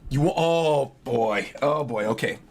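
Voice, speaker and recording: A man streaming a live reaction to a new manga chapter, his voice hoarse and worn, chatting excitedly to his viewers as he reads along and thinks aloud. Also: medium pitch, takes it slowly, a little hiss or hum. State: hoarse from yelling the night before.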